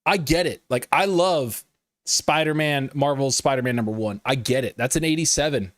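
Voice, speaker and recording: A man's voice: medium pitch, normal speed, no room sound. A man hosting a live gaming news stream, talking casually with lots of swearing and riffing with his chat. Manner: profane, animated, riffs and laughs at chat.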